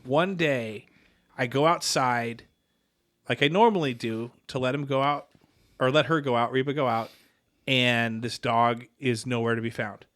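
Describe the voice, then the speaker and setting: A man's voice: mid-range voice, fairly even intonation, a little slow, fairly bright tone. A man in his forties, a podcast co-host, telling a long, rambling story in casual chat, correcting himself often and acting out quoted lines. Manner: rambling, self-correcting anecdote with quoted dialogue.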